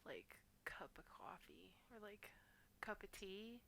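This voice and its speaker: A woman's voice: mid-range voice, expressive, vocal fry, pushed and bright, in a whisper. A woman from the United States co-hosting a casual podcast, chatty and full of "like". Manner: chatty, full of "like" and quick laughs. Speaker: podcast co-host. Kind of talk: casual chat.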